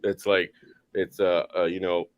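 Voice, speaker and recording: A man's voice: low-pitched, flat delivery, unhurried, dry recording. A Canadian man in casual crude banter, rambling and swearing freely as he tells stories. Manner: rambling, swears freely, laughs mid-sentence.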